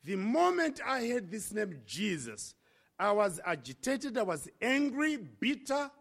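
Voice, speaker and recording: Man from Africa, preacher, high voice, bright tone, impassioned sermon testimony. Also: very animated, gravelly. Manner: impassioned storytelling with dramatic pauses.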